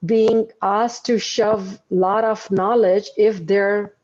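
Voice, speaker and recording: A woman guest on a podcast interview, pausing to search for words. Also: mid-range voice, fairly even intonation, a little mellow, dull audio.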